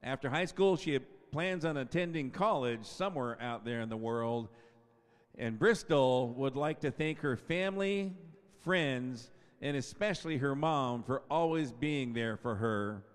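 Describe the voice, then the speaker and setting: A man's voice: medium pitch, measured pace, clean tone. A man in his fifties working as the announcer at a school senior night, drawing out the players' names and adding chatty asides between them. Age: 50s. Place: school gym. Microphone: PA microphone. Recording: echoey gymnasium PA sound.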